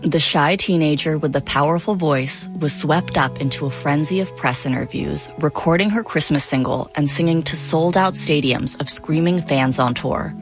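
A woman hosting a podcast, switching between scripted narration and measured, curious questions to her guest. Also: deep voice, over music.

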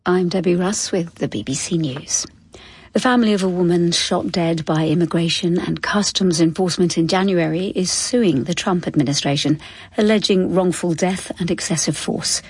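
A woman reading a news bulletin in a crisp, formal manner. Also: on the low side, normal speed, a little mellow. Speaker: newsreader.

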